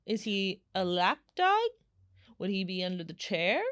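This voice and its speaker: A woman in her thirties hosting a casual solo podcast, telling stories in a chatty, animated way with lots of fillers. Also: mid-range voice, measured pace, clean tone, no echo, studio quality. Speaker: podcast host.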